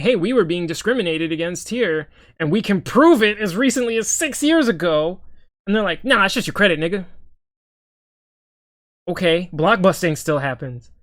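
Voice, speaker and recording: A man's voice: a little high, no echo, studio quality. A young man giving heated reaction commentary on a video, often stammering and repeating words. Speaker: political commentator.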